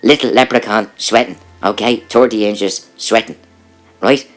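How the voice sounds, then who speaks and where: A man's voice: fairly low pitch, a little slow, soft background music, natural voice. A man voicing a boastful, teasing woman in a lightly put-on voice.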